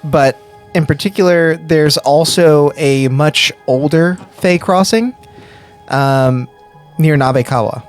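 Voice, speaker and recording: A man narrating as game master of a tabletop game, pausing often with fillers. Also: on the high side, soft background music. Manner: halting, with many fillers.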